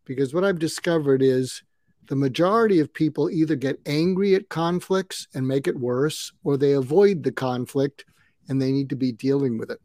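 A man in his mid-seventies, a retired psychiatrist turned conflict coach, calmly explaining techniques as a podcast guest and acting out sample dialogue. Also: mid-range voice, normal speed, no echo. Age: 70s. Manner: calm, advice-giving, acts out sample dialogue.

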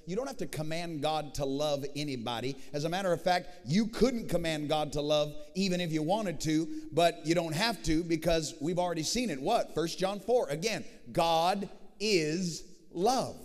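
A man preaching a sermon as pastor, swinging from shouted declarations to hushed, intimate passages and calling out to the congregation. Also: on the high side, long reverb tail. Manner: dynamic preaching, swings from shouting to hushed tones, rallies the crowd. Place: large church hall.

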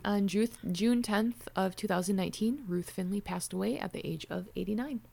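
A woman co-hosts a true crime podcast, wrapping up a case in loose, chatty conversation. Her voice carries a gravelly, creaky fry, and she talks at an average pitch with an easy, laughing manner. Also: normal speed, a little mellow. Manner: chatty, laughs easily, mimics pronunciations. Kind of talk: casual podcast chat.

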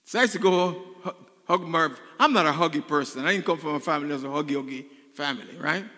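A man's voice: on the high side, quick pace, sharp tone. A male pastor preaching a sermon in a church, repeating phrases and asking the congregation for an "Amen". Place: church sanctuary. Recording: long reverb in a large hall.

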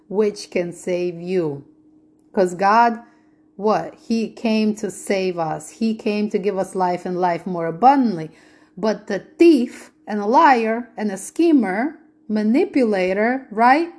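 A woman's voice: mid-range voice, darkish tone. A woman giving a podcast Bible teaching in an earnest way, repeating her points and asking rhetorical questions.

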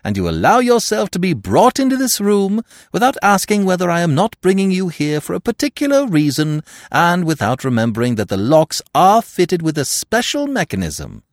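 A man reading a story aloud and voicing a sly, mocking gentleman thief with a theatrical, taunting manner. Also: fairly high pitch, huge pitch swings, unhurried, no room sound, studio quality, voice pushed up, heavily acted. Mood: gloating.

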